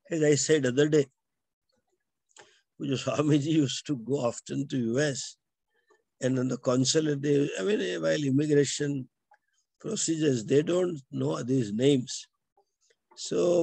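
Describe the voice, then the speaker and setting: An older man with an Indian English accent teaching scripture, explaining texts and slowly chanting Sanskrit verses line by line. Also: a little high, gravelly, a little mellow, husky, no echo.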